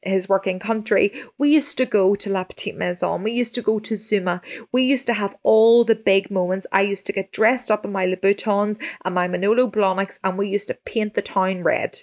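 A woman's voice: mid-range voice, fairly even intonation, moderate pace. A woman in her thirties co-hosting a podcast, speaking earnestly and reflectively about her relationship. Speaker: podcast co-host. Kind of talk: casual chat.

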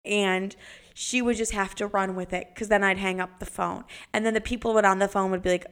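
A young adult woman hosting a podcast, telling stories in a casual, animated way, swearing freely and saying "like" a lot. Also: mid-range voice, brisk, smooth. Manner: animated, jumps into acted-out voices. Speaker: podcast host. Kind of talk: casual storytelling.

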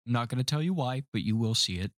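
A man's voice: mid-range voice, lively intonation, fast, fairly bright tone, no room sound, studio quality. A young man hosting a casual podcast, joking and self-mocking, often tripping over his words. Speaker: podcast host.

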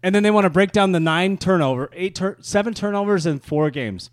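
A man co-hosting a casual sports podcast, joking and talking trash in quick banter. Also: high voice, no echo, clean studio sound. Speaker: podcast co-host. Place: studio room.

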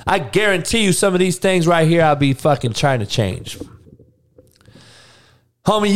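A man's voice: on the high side, smooth. A man hosting a podcast, ranting casually and profanely to his audience with frequent laughing asides. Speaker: podcast host.

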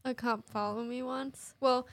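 A woman with a slightly high voice chats casually on a podcast. She talks in a relaxed way, with pauses and small fillers. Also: a loud crowd. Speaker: podcast co-host. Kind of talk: casual chat.

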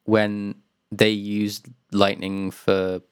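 A man's voice: on the low side, monotone, extremely slow, smooth, no room sound, clean studio sound. Laughing man, casual game chat. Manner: laughs often, trails off with fillers. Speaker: podcast co-host. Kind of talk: casual chat about video games.

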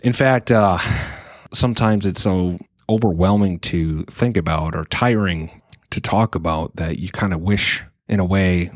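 Low-voiced man musing in a dry room. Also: a little slow, no echo. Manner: earnest, thinking aloud with restarts. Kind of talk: reflective solo monologue.

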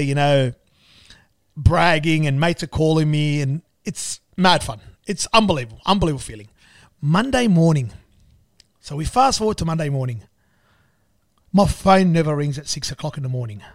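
An Australian man, a business owner, telling a story in an animated, repetitive way and acting out the dialogue. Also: a little high, no echo, clean studio sound. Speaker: business owner and club sponsor. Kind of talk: storytelling in conversation.

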